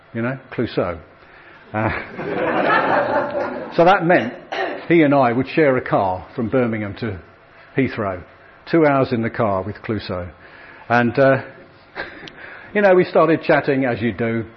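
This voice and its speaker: A man's voice: mid-range voice, dull audio, a little hiss or hum. A middle-aged man, speaking to an audience in a chatty, self-deprecating way with frequent fillers. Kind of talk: anecdotal talk to an audience.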